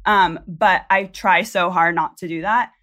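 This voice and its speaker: Give me a woman producer chatting on a podcast, bright and rambling with plenty of fillers. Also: on the low side, fairly even intonation, measured pace. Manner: chatty and rambling, many likes and ums. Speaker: senior producer, guest. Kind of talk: casual podcast chat.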